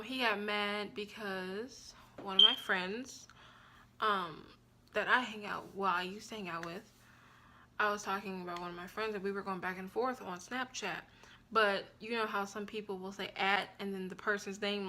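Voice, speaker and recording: A young woman vlogger tells a personal story in a frank, blunt, and profane manner. Her medium-pitched voice comes with an animated, expressive delivery.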